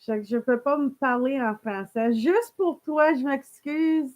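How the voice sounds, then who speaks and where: A woman's voice: high voice, normal speed, darkish tone, highs cut off. A woman chatting casually on a live stream, reading viewer comments aloud and laughing often.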